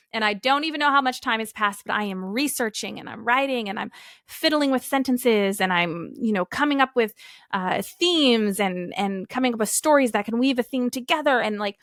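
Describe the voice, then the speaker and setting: A woman's voice: mid-range voice, a bit bright, dry recording, studio quality. A woman in her thirties hosting a casual solo podcast, upbeat and chatty, often acting out what her family says. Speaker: podcast host.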